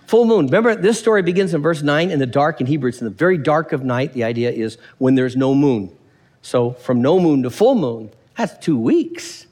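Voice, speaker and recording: A man preaching a sermon, reading scripture aloud and acting out the characters in the passage with quick voices. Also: on the high side, in a large hall. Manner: animated, acts out characters, reads scripture aloud.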